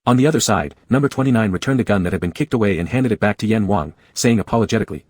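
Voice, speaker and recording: A man reads an audiobook in a steady, measured way. His voice is fairly low and husky, and the recording is close and dry. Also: no echo. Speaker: audiobook narrator. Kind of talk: scripted narration.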